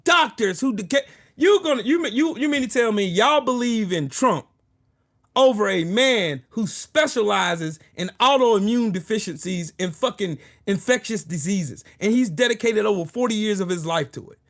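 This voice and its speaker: A man's voice: high-pitched, expressive, normal speed, fairly bright tone. A man hosting his own political commentary video, ranting angrily and profanely, full of sarcasm and repeating short phrases for emphasis. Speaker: political commentary channel host.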